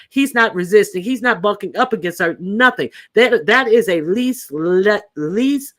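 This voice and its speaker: A woman hosts a casual live stream. She talks bluntly and animatedly, often restarting her sentences as she goes. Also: medium pitch. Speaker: channel host.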